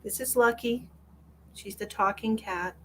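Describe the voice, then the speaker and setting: A woman's voice: fairly high pitch, unhurried, a little hiss or hum. A woman psychic medium on a live stream, answering viewer comments in a blunt, lecturing way and repeating phrases for emphasis. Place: at home with her cat.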